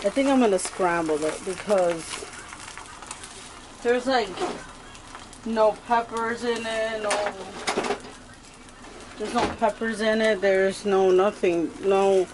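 A woman's voice: medium pitch, fairly even intonation, slow pace, pauses often, background noise. A woman vlogging casually at home with a swollen, painful ear and sore throat. She talks with her mouth barely open, a bit muffled. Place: home kitchen.

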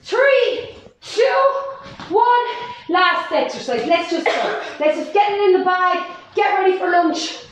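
A woman's voice: very high voice, normal speed, few pauses, fairly bright tone, a little hiss or hum. An Irish woman leading a live-streamed workout class from home. She cheers people on and counts down. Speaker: fitness instructor. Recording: echoey room.

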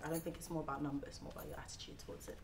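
A woman who works as a content producer and presenter, a dating show contestant, frank and quick. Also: sits low, little pitch movement, a little mellow. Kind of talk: casual dating show chat. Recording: crowd chatter behind.

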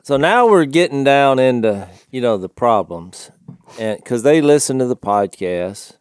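A man's voice: medium pitch, expressive, measured pace, smooth, no echo, studio quality. A man in his fifties with a Southern US twang, co-hosting a podcast and telling a rambling story that he often laughs through. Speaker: podcast co-host. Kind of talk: casual storytelling chat.

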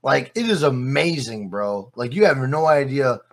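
A man's voice: mid-range voice, lively intonation, normal speed. A man guest on a podcast, chatting casually and swearing often, laughing through his stories. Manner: profane, laughing storyteller. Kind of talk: casual chat.

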